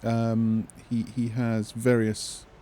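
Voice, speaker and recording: A man's voice: medium pitch, completely flat delivery, slow pace, warm tone. A man running a tabletop game as game master, patiently correcting and reminding the players.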